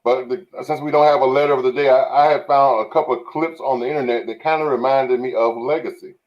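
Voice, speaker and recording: A male host speaks in a measured, deliberate way as he sets up clips. His voice sits at an ordinary middle pitch, and the sound is slightly dull. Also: fairly even intonation. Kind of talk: casual chat.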